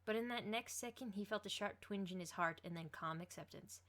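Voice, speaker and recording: A woman reading a fan fiction story aloud, expressive as she voices each character. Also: medium pitch, brisk.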